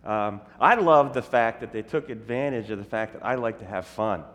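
Animated preacher with a booming echo. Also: male voice, normal speed. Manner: animated, self-interrupting, laughs at his own stories. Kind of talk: humorous sermon storytelling. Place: church sanctuary. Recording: long hall reverb in a church.

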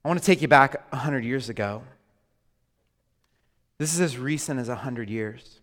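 A man preaching a sermon as a pastor, animated and joking with his congregation. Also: mid-range voice. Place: large church hall. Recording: hall reverb.

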